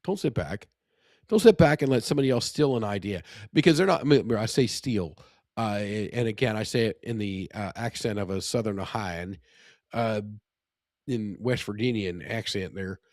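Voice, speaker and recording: A man's voice: on the low side, moderate pace, darkish tone, dry recording. Rambling middle-aged man, dry close sound. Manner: rambling, full of fillers and restarts. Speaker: podcast co-host. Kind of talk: casual podcast chat.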